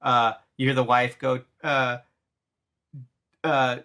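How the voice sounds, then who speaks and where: A man in his thirties excitedly retelling a cartoon episode in casual chat, rambling with restarts. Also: mid-range voice, slow pace.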